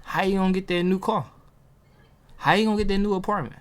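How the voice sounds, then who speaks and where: A man's voice: sits high, quick pace, pauses often, clear, resonant tone. A man giving a casual motivational talk to camera from a table, preaching and throwing rhetorical questions at his viewers. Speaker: motivational video host. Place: at a table, self-filmed.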